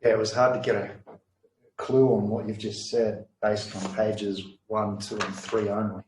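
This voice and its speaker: Low, flat-voiced male student asking questions. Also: normal speed. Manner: tentative, asks questions. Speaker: beginner student. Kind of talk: casual class questions. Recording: distant, roomy, faint noise.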